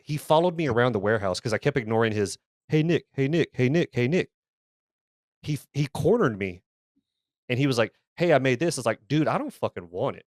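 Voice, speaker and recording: A man's voice: mid-range voice, no room sound, clean studio sound. Heated, profane man telling a story. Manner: profane, heated, repeats words and restarts. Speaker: podcast co-host. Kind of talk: casual storytelling.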